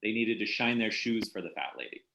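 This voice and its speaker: A man with a lowish voice talks over a book in a relaxed conversation. He is thoughtful and halting, full of ums and restarts. His voice rings in an echoey room. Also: creaky, lo-fi sound, a little hiss or hum. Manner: hesitant, thoughtful, many fillers and restarts. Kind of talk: casual literary discussion.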